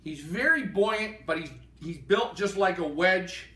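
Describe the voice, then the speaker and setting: A man's voice: sits high, lively intonation, a little slow, bright, forceful tone. A man co-hosting a live pigeon auction, enthusiastically appraising each bird he handles. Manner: enthusiastic, appraising birds in hand. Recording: roomy sound from a distance.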